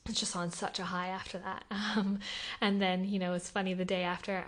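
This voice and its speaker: A young Australian woman, a podcast guest, telling her story in an animated, emotional way with lots of fillers. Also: on the low side, a little fast. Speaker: podcast guest, Olympic athlete. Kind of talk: casual interview conversation.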